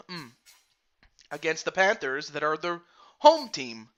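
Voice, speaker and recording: A man's voice: on the high side, very animated, slow, fairly bright tone. A man streaming and commentating a football video game league, casually rambling and greeting viewers by name.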